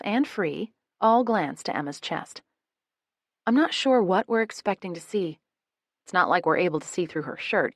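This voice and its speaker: Woman, audiobook narrator, lower voice, lively intonation, first-person narration. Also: no echo, studio quality. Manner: expressive, many character voices.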